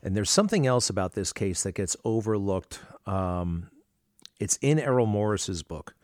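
A man's voice: on the low side, lively intonation, normal speed, darkish tone, no room sound, clean studio sound. A man hosting an interview, talking casually in a rambling, hesitant way with many fillers. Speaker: interview host.

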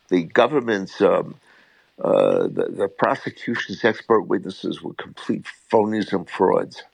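An older man, a defense attorney, answering interview questions in a measured, emphatic way. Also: lowish voice, creaky, no room sound, rough recording.

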